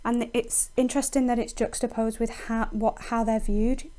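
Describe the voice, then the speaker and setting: A woman's voice: a little high, little pitch movement, normal speed, dark tone. A woman teacher explaining a poem in a recorded lesson, thinking aloud with frequent ums and restarts.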